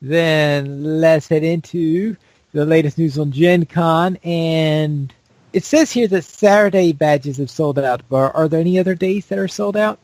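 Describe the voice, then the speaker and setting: A man with a fairly high voice co-hosts a casual gaming news show. He keeps his turns short and moves the talk along by reading each new item. The sound is dry and close. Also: a little slow, a little mellow, no room sound. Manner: brief, reads segment intros. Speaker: podcast co-host.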